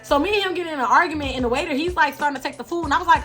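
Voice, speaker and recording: A young adult woman telling a storytime vlog in an animated, slangy way, talking straight to her viewers. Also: high-pitched, very fast, few pauses, soft background music. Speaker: vlogger.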